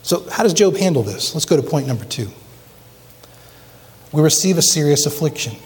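Male pastor, emphatic pulpit delivery, slightly raised pitch, long church reverb. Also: animated, normal speed, darkish tone. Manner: emphatic preaching with rhetorical questions. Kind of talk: sermon. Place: church sanctuary.

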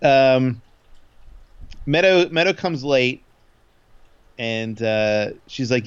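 A man's voice: medium pitch, slow pace, pauses often, clear, resonant tone, lo-fi sound. A man in a casual chat, recapping an episode in a rambling way with many fillers and quoted lines. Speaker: podcast co-host recapping an episode.

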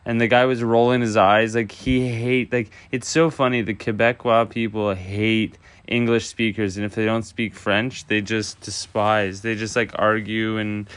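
A man's voice: on the low side, flat delivery, unhurried, few pauses, fairly bright tone, smooth. A man hosting a casual solo podcast from an empty house, rambling loosely with lots of filler words. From Canada. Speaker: podcast host.

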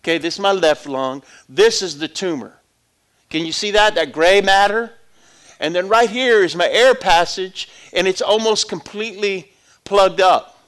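A middle-aged man with a notably high voice preaches a testimony sermon. He talks in a conversational way, rising to loud calls to the congregation and dropping to near-hushed storytelling. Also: unhurried.

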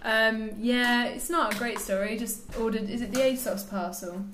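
A woman's voice: on the high side, fairly even intonation, moderate pace, fairly bright tone, reverberant, slight background noise. A woman co-hosting a podcast, chatty and rambling as she tells stories in casual conversation. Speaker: podcast co-host. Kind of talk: casual chat.

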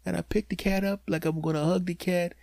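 A man hosting a podcast, telling a comic story in an animated way that swings from loud to hushed, with deadpan punchlines. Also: high-pitched, brisk, vocal fry, dry recording, clean studio sound. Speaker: podcast host.

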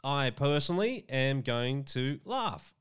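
Smug, sarcastic man with a clear voice. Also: medium pitch, very animated, takes it slowly, a bit bright. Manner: smug, mocking. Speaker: commentator. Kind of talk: reading news aloud with sarcastic commentary.

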